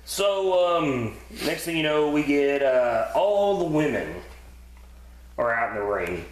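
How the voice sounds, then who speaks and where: Co-hosting a wrestling review podcast, this man speaks slowly in a slightly high, sing-song voice. The chat is casual and rambling, laced with profanity and fillers, and the room echoes.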